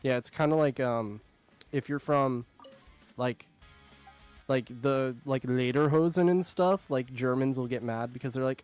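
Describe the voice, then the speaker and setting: A young man chats casually on his stream, rambling through fillers and laughing often. His voice sits at an ordinary middle pitch. Soft music plays faintly underneath. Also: a little slow, clear, resonant tone. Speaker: streamer host. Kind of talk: casual chat.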